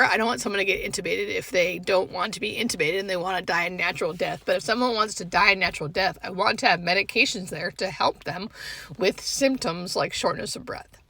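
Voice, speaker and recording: A woman hospice nurse records a vlog from inside her parked car, close to tears. Her voice is bright with a gravelly edge, and she halts often and leans on "like" as she talks. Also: mid-range voice, no echo. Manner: halting, heavy use of filler "like". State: tearful, fighting back crying. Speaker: hospice home care nurse. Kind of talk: emotional vlog monologue.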